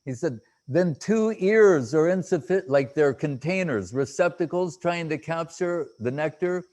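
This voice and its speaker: A man giving a devotional talk as a spiritual teacher, halting often with fillers and restarts and reciting Sanskrit verses haltingly. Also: fairly high pitch, animated, a little mellow.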